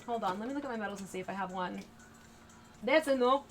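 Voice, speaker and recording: A woman hosting a casual painting livestream, thinking aloud as she works and answering her chat with bursts of excitement. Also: medium pitch, racing. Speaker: livestream host painting a miniature. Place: home art desk near an air conditioner.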